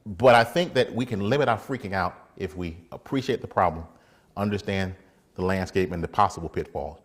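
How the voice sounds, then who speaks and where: A man, a defense attorney, giving a casual motivational faith talk, animated, laughing often and acting out little scenes. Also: low-pitched, a little fast.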